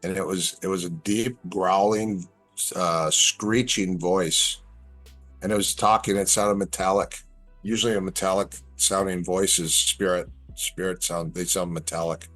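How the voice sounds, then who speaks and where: A man's voice: low voice, measured pace, soft background music. A middle-aged man telling stories in a casual chat, acting out the lines people said to him. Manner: animated storyteller, acts out quoted lines. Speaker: guest.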